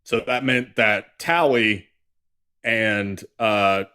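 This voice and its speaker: A man hosting a talk stream in a somewhat low voice. He tells loose, rambling stories, stopping and restarting with plenty of fillers. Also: drawn-out words, bright, forceful tone, smooth. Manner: rambling storyteller, many fillers. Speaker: host. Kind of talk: casual chat on a live stream.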